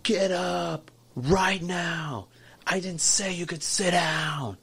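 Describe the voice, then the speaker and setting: Rude, furious male diner who shouts and scolds , as a man puts him on; a somewhat higher, harsh voice. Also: slow pace, gravelly, husky, heavily acted. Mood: shouting.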